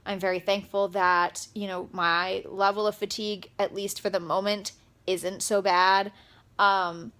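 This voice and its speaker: A young woman talking straight to camera in a personal vlog, upset and close to tears, speaking haltingly with many pauses and fillers. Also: mid-range voice, a bit bright. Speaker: vlogger.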